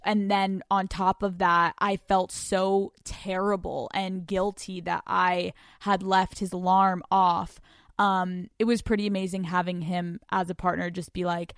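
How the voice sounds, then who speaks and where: A woman's voice: medium pitch, flat delivery, measured pace, smooth, no room sound, clean studio sound. A woman in her twenties hosting a podcast, telling a story in a casual, profane, laughing way and acting out the quotes. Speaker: podcast host.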